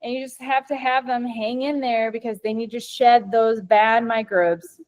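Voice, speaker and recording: A woman's voice: a little high, fairly even intonation, normal speed, a little mellow. A woman with a Midwestern American accent giving an informal webinar presentation over a video call, rambling upbeat with frequent ums and restarts. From Minnesota, US. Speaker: company co-founder presenting to vets.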